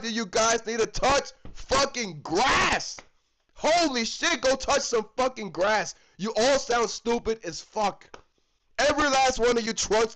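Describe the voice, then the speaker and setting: A man from the United States rants heatedly about hockey with constant swearing. His voice sits high for a man and swings widely up and down as he hammers his points home again and again. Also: fairly bright tone, rough recording. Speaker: hockey fan vlogger. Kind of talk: profane ranting commentary.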